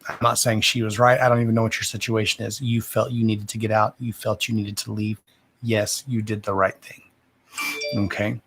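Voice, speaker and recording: A man hosting a live psychic reading stream, answering viewers slowly and deliberately and often calling them "darling". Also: lowish voice, flat delivery, fairly bright tone, husky, no echo. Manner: slow and deliberate, calls viewers "darling", says "okay" again and again.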